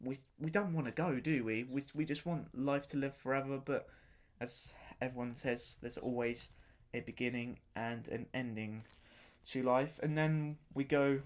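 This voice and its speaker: A man's voice: mid-range voice, steady tone, normal speed. Rambling, enthusiastic man hosting a podcast. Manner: rambling and hesitant, often repeats himself and stops to search for words. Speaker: podcast host reviewing an album. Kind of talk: casual unscripted review talk.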